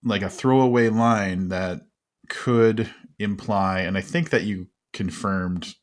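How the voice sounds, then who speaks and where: A man hosting a casual interview, enthusiastic and quick to laugh. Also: lowish voice, fairly even intonation. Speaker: podcast host.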